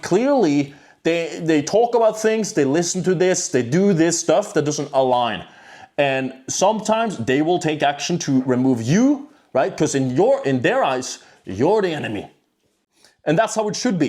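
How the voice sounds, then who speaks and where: Male self-improvement host, slightly high voice, blunt emphatic unscripted monologue with frequent "right?". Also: a little mellow. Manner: blunt, emphatic, swears, keeps asking "right?".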